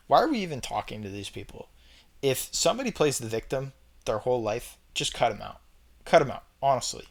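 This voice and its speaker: A man's voice: medium pitch, sing-song, a little fast, creaky. A young man talking straight to camera in a casual opinion vlog, emphatic and repeating his points with chatty fillers. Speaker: vlogger ranking red flags.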